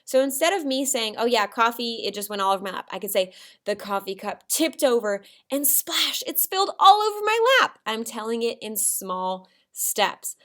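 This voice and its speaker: A woman teaching a recorded writing lesson to first graders, telling a story with dramatic shouts and whispers. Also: a little high, normal speed.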